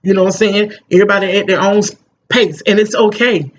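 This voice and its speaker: A woman's voice: medium pitch, fairly even intonation, quick pace, dull audio, slight background noise. A middle-aged mother talking casually to the camera, emphatic and rambling, often repeating "you know what I'm saying.". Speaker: parent vlogger.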